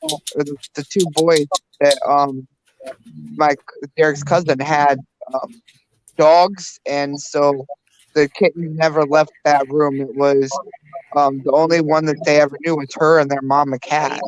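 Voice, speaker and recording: A woman's voice: sits low, fairly even intonation, measured pace, slight background noise, rough recording. A woman in her thirties co-hosting a casual podcast chat, rambling with restarts and fillers. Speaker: podcast co-host.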